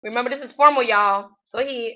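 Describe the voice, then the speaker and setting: A woman's voice: on the high side, fast talker. A woman hosting a casual Spanish-learning livestream, chatty and full of fillers, often laughing at herself. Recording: dull lo-fi livestream audio.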